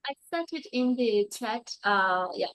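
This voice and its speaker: A woman takes part in an online speaking club, ready to give her speech. Her voice is high, and the recording is dry and close. She sounds eager. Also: lively intonation, unhurried, a bit bright, no echo, low-quality recording. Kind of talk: speech opening.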